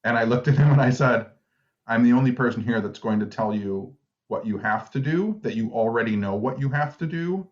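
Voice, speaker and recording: A man's voice: mid-range voice, brisk, dull audio. A man co-hosting a podcast, telling stories in laid-back casual chat and laughing at himself. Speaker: podcast co-host.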